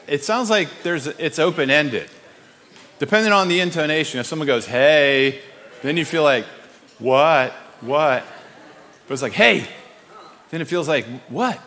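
A man's voice: a little high, fairly bright tone, long reverb tail. A man preaching a sermon in a church, talking in a casual, conversational way with frequent restarts. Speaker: pastor. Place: church sanctuary.

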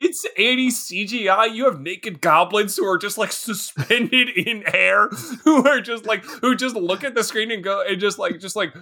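A man co-hosting a podcast, excitable and rambling, laughing often and jumping into high squeaky bursts. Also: normal speed, hardly any pauses. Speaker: podcast co-host. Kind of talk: casual movie chat.

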